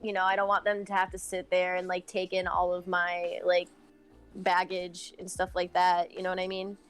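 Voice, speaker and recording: A woman's voice: fairly low pitch, completely flat delivery, moderate pace, clean tone, soft background music. Woman in casual chat, full of fillers. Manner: hesitant, lots of "like" fillers. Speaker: podcast guest.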